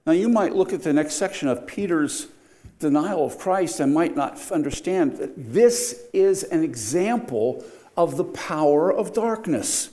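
An older man, a pastor, preaching a sermon with wry humor and sharp swings between loud emphasis and quiet, earnest moments. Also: on the high side, animated, a little slow.

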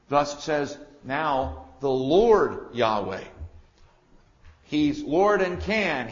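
A man with a mid-range voice preaches an expository sermon, swinging from loud declarations to quiet asides. The audio is dull.

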